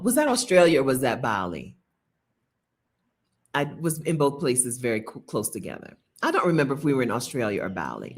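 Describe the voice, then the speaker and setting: An American woman telling travel stories in casual chat to viewers, chatty and often laughing. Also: low-pitched. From United States. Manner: chatty, laughing, animated storytelling. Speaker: travel vlogger. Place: Bogota.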